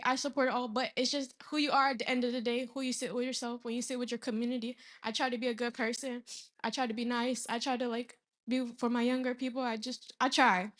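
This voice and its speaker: A young woman in her twenties giving an earnest, emotional thank-you speech in a church, often pausing to apologize. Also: on the high side. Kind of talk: informal speech to a congregation. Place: church hall.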